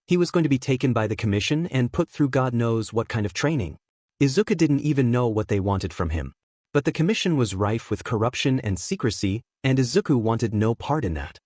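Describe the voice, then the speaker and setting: Male fanfic narrator, expressive and steady, animated delivery, dry studio. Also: mid-range voice, a little fast, no echo. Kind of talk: story reading.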